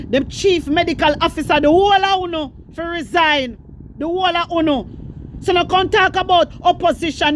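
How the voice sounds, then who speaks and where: A woman's voice: high voice, a little hiss or hum. A woman with a Jamaican accent giving impassioned political commentary, scolding and repeating herself as she speaks straight to her viewers. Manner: fiery, repetitive, scolding, addresses viewers directly.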